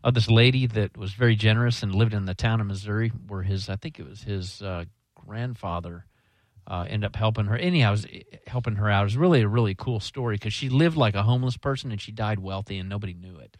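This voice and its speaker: A man's voice: lowish voice, fast, no echo. A man co-hosting a casual chat, talking earnestly and teasing the host now and then.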